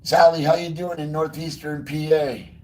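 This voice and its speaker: A man's voice: on the high side, flat delivery, normal speed, a little hiss or hum. A man hosting a casual live stream outdoors in the cold, greeting viewers by name one after another. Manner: soft baby talk to his dog. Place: outdoors in freezing cold by a river.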